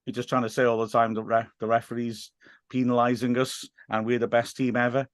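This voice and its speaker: A man's voice: mid-range voice, level tone, brisk, no room sound, studio quality. Jokey man co-hosting a football podcast. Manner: jokey, self-mocking, laughs often. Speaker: podcast co-host. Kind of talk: casual football chat.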